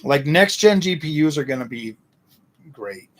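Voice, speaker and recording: A man's voice: fairly high pitch, expressive, a little slow, fairly bright tone. A man hosting a casual livestream, answering chat in a slangy, ranting way, often repeating himself and restarting his sentences.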